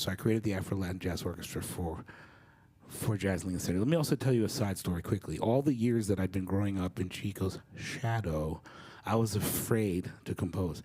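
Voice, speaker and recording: A man's voice: fairly low pitch, a little mellow. A middle-aged man giving a candid, reflective storytelling talk as a faculty speaker. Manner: candid and reflective, with occasional fillers.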